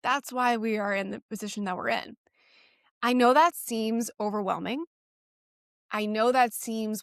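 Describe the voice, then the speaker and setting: A woman's voice: fairly high pitch, unhurried, long pauses, smooth, dry recording, studio quality. A woman in her thirties, a fitness coach host, talking straight to camera in a blunt, sassy way and swearing casually. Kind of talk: direct-to-camera coaching talk.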